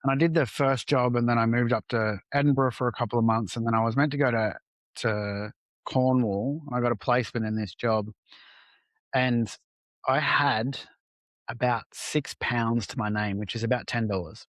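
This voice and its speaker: A man's voice: medium pitch, fairly even intonation, normal speed, a bit bright, no room sound. Candid man telling stories, dry sound. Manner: candid, casual swearing, acts out dialogue. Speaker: entrepreneur guest. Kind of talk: conversational podcast storytelling.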